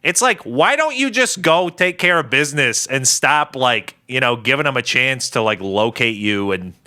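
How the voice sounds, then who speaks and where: A man's voice: mid-range voice, normal speed. A man co-hosting a podcast, chatting casually and animatedly, mocking scenes by acting them out. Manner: animated, acts out characters mockingly. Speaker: podcast co-host. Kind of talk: casual chat.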